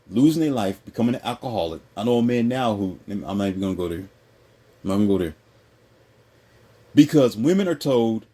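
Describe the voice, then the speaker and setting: A man holds forth in a loose, opinionated chat, his husky voice leaping around in pitch. He slips into mocking impressions, and his tone stays dark and mellow. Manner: animated, mocking impressions, jumps high in pitch. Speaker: host.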